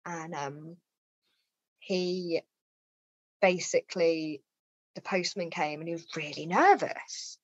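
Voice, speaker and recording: A woman's voice: lowish voice, slow pace, long pauses, dry recording. A woman, a guest telling her personal story in an interview and acting out the voices of people she quotes. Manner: lively, acts out quoted dialogue with raised voice. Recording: slightly dull, dry lo-fi sound.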